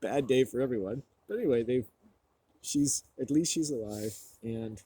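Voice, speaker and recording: A man's voice: medium pitch, normal speed, mellow, slightly rough. A man retelling a movie plot in a casual, rambling rant, swearing freely and full of fillers. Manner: acts out quoted people.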